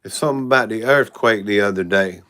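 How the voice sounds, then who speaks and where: A man's voice: lowish voice, quick pace, fairly bright tone. A man hosting a casual livestream. He rambles frankly and keeps saying "y'all". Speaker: channel host.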